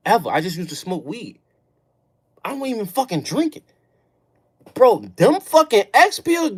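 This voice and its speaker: A man in his thirties with a Chicago accent tells a personal story on a livestream, in emphatic, profane street talk that swings from low murmurs to loud bursts. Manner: emphatic, profane street talk, peppers lines with "folk" and "bro". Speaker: livestream host. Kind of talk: casual storytelling to a live audience.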